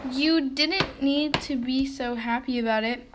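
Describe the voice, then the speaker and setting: A woman's voice: high voice, a little slow, background noise. A woman voicing a sick, grumpy male bear who talks melodramatically about his cold. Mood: melodramatic. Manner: melodramatic, grumbling, self-pitying.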